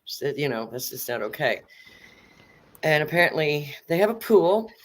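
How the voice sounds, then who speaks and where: Middle-aged woman, host, animated storyteller, lower voice, lively pitch. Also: moderate pace. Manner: animated, acts out quotes, swears freely. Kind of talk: casual storytelling chat.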